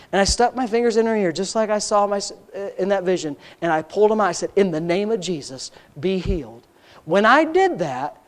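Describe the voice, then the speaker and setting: A middle-aged man, a pastor, telling testimony stories in a sermon, his voice climbing to impassioned near-shouting. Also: high-pitched.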